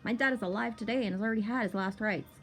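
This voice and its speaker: A woman's voice: medium pitch, rapid-fire, soft background music. A woman telling a rambling personal story in a casual vlog, swearing freely and talking animatedly.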